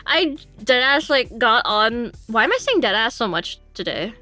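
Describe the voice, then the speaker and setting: A young woman chats casually while streaming a game, rambling and giggly, her voice a little high and very bright. Soft game music plays underneath. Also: big pitch swings, normal speed, no echo. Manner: rambling, giggly, and heavy on fillers.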